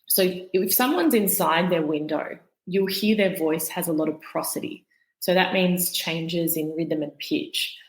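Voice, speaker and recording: A woman with a fairly low voice explains things calmly and patiently, like a guest expert in an interview. Her voice carries a noticeable room echo. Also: a little slow. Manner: calm, explanatory, demonstrates voices.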